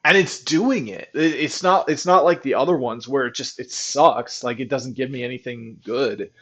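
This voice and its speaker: A man giving casual, rambling commentary while testing an app he built, excited and full of restarts. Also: mid-range voice, moderate pace. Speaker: programmer testing his own app. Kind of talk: casual screen-recording commentary.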